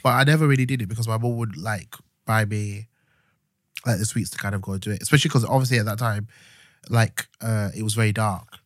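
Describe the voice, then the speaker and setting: A young man, co-hosting a podcast in relaxed, easygoing chat. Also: on the low side, fast talker, dry recording, clean studio sound. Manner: relaxed, easygoing with filler words. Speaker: podcast co-host. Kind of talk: casual chat.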